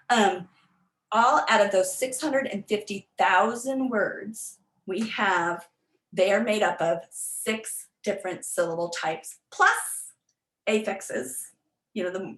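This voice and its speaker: A woman teacher talks through an online workshop in a loose, chatty way, with fillers and restarts, and stops to sound out words. Her voice sits in a middle range and comes through a computer mic in a room with a clear echo. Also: medium pitch. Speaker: literacy teacher presenting a workshop. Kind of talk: informal online presentation.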